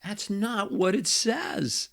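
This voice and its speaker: Older pastor coaching couples, slightly high voice. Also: male voice, lively intonation, slow, vocal fry, a bit bright. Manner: conversational, repeats key points, frequent fillers. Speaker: Christian marriage coach and pastor. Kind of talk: teaching to camera.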